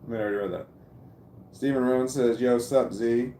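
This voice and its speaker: A middle-aged man chatting casually on a livestream from home, reading viewers' comments aloud and rambling with halting restarts. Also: mid-range voice, fairly even intonation, mellow, reverberant, slight background noise.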